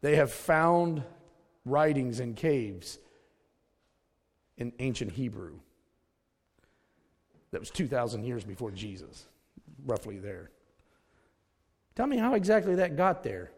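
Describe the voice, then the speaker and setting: A man's voice: medium pitch, very animated, slow pace, long pauses, darkish tone, long reverb tail. A man preaching a sermon, emphatic, repeating his key words and calling his listeners folks.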